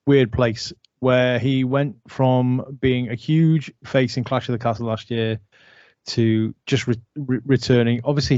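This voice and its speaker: A man with a mid-pitched voice chats about wrestling, full of ums and restarts. His voice sounds dry and close, with no room around it. The recording is dull and lo-fi. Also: a little mellow, no room sound. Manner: chatty, filler-heavy. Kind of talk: casual wrestling prediction chat.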